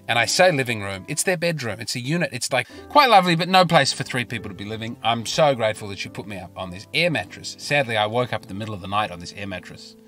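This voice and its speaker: A man's voice: medium pitch, fairly bright tone. An Australian man telling a rambling comic story in a self-mocking, chatty way, recorded in his car. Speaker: comedian and podcast host. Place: parked car.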